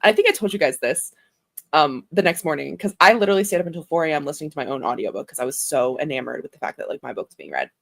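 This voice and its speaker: A woman's voice: deep voice, expressive, very fast, gravelly, fairly bright tone. A young woman hosting a casual chat stream, rambling in a chatty way and laughing often. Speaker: author and livestream host.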